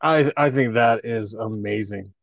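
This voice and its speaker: A man's voice: lowish voice, a little slow, no room sound, lo-fi sound. A man co-hosting a casual podcast, playful and joking. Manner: playful, joking, laughs often. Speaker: podcast co-host. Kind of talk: casual chat.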